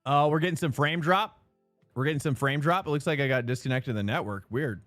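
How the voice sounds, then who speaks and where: A man's voice: fairly high pitch, quick pace, a bit bright, dry recording, soft background music. A young man streaming a sim race live, rambling and chatting with viewers. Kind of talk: live stream chat while racing.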